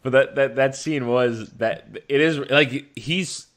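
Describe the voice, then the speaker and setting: A man's voice: mid-range voice, takes it slowly. A man co-hosting a podcast, talking animatedly, laughing often and acting out quoted lines. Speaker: podcast co-host. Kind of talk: casual chat.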